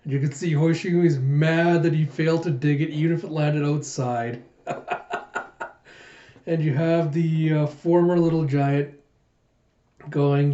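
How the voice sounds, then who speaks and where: A man excitedly recapping a manga chapter for his reaction show, reading the panels aloud and laughing often. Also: on the high side, unhurried, long pauses, roomy sound, highs cut off.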